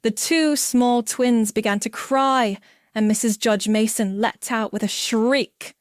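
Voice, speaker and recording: A woman reading a mystery story aloud in a clear, measured narration. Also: on the high side, fairly even intonation, no room sound, studio quality. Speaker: audiobook reader.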